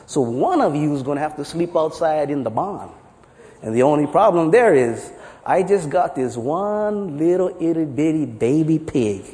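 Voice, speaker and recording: A man's voice: fairly high pitch, dark tone, long reverb tail, close to an everyday voice. A man playing a folksy country farmer. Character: easygoing country farmer from a joke.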